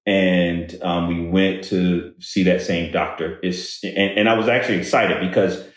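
A man telling a personal story in conversation, halting and repeating words as he goes. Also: low-pitched, steady tone. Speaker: guest speaker on workplace diversity. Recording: very echoey room.

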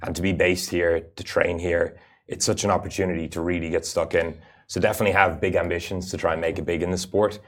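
A man's voice: deep voice, little pitch movement, fast talker. A man, a rally racer and guest, giving earnest, explanatory interview answers with frequent "uh" fillers. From Ireland.

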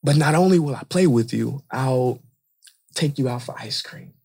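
A man's voice: medium pitch, normal speed, creaky, a little mellow, slightly rough. A man voicing a father trying to get his son out of the way so he can watch a game. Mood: coaxing. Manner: exasperated, then smug.

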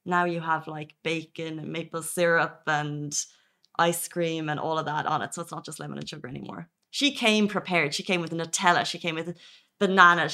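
A woman's voice: lowish voice, sharp tone. A young adult woman hosting a casual morning podcast, chatty and upbeat. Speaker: podcast host. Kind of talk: casual morning show chat.

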